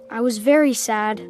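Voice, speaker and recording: A woman voicing a sensitive young boy in a slow storybook for learners, speaking simple lines clearly. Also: fairly high pitch, a little mellow. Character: young boy on his birthday, sensitive and emotional. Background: background music.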